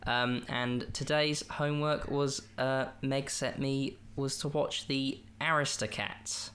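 A man's voice: mid-range voice, little pitch movement, slow pace, fairly bright tone. A man hosting a podcast, chatting casually about a film in a rambling, jokey and self-amused way. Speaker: podcast host. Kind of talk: casual film review chat.

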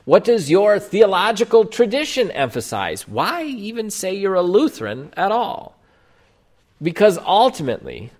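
Preaching as a Lutheran pastor, a man speaks in a high-pitched, slightly mellow voice with huge pitch swings and an unhurried pace. He puts rhetorical questions to the congregation while emphatically explaining doctrine.

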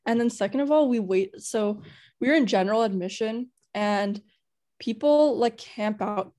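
A woman's voice: on the high side, normal speed, warm tone. A young woman co-hosting a podcast in casual chat, rambling and gushing with lots of "like". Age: young adult. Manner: rambling and gushing, heavy use of "like". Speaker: podcast co-host.

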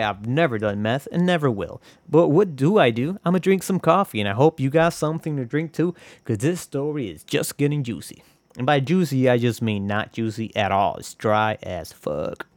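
A man's voice: mid-range voice, no echo. A young man hosting a podcast, talking in a casual, confessional ramble full of swearing and self-mocking jokes. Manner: profane, joking, rambling. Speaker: podcast host.

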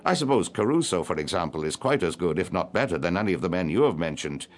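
A man's voice: sits low, lively intonation, quick pace. A man voicing a young singer who is polite but careless and offhand.

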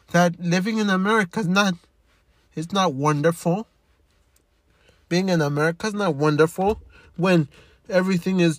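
A man in his fifties talking in an emotional monologue, halting and repeating himself, frustrated and upset. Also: high voice, no room sound. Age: 50s.

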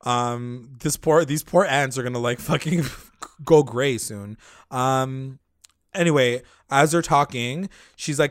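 A man's voice: mid-range voice, a little slow, no room sound, studio quality. A man co-hosting a podcast in loose casual chat, full of fillers and swearing.

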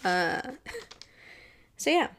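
A woman's voice: extremely slow, a bit bright. A young woman hosting a casual solo podcast from home, rambling, laughing often and swearing freely. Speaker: podcast host. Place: home room with air conditioner.

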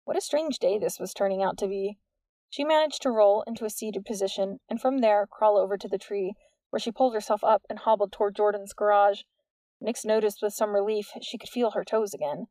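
Woman, audiobook narrator, measured storytelling, mid pitch, dry close mic. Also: mellow, dry recording. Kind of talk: scripted narration.

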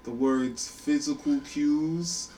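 A man's voice: on the high side, slow, warm tone, a little hiss or hum. A man in a casual podcast chat, bantering loosely with slang. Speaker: podcast co-host.

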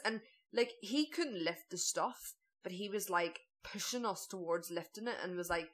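A young woman, co-hosting a podcast and chatting casually, with plenty of "like" and drawn-out emphasis. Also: mid-range voice, a bit bright. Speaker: podcast co-host. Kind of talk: casual storytelling chat.

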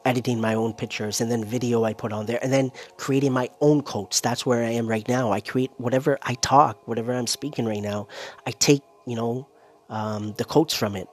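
Male content creator, casual solo monologue, loose and rambling, slightly short of breath. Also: mid-range voice. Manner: rambling, keeps adding "right?" and "you know".

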